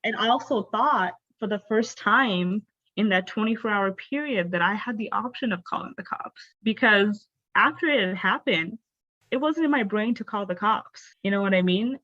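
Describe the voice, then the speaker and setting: A woman's voice: mid-range voice, moderate pace, pushed and bright. A young adult woman, a podcast guest, telling her personal story candidly and expressively, with lots of "like" fillers. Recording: dull, dry, lo-fi sound.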